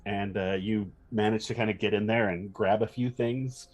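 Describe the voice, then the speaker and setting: A man runs a tabletop game, describing scenes in a fairly low voice. He hesitates a lot, with fillers and restarts. Faint music plays behind him. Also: fairly even intonation, moderate pace, muffled recording. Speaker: game master.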